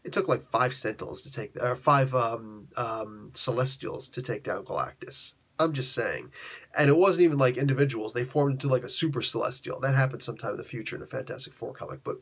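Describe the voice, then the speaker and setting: A man with a husky, slightly rough voice talks through a comic book story as a channel host. His manner is chatty and laid-back, full of slang, and he slips into the characters' lines as he goes. His voice sits at an ordinary middle pitch. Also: fairly quick. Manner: animated, acts out characters' lines. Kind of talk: casual comic story recap.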